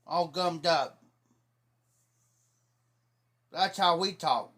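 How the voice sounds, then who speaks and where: A man from talks in a high voice. He rambles through folksy stories about local sayings. He teases his listener as he goes. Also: unhurried, a bit bright. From Ohio. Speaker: livestreamer. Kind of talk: casual storytelling.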